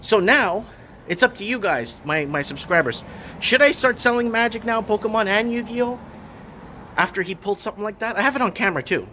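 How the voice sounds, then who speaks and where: A man's voice: sits high, expressive, fairly quick, bright, forceful tone, slight background noise. A man in his thirties, a vlogger and shop owner, rambling and exasperated as he talks casually in his shop under renovation, repeating himself. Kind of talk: casual vlog rant.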